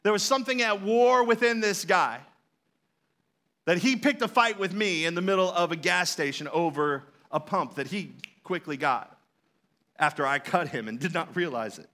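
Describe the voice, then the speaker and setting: A man's voice: sits high, moderate pace, pushed and bright. A man preaching a sermon, telling a story in a conversational way and joking with the congregation. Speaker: pastor.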